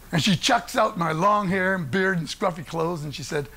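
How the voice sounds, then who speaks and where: An older man telling a true story on stage in an animated way, often laughing between lines. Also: high voice, a little fast, vocal fry, few pauses. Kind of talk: theatrical solo storytelling.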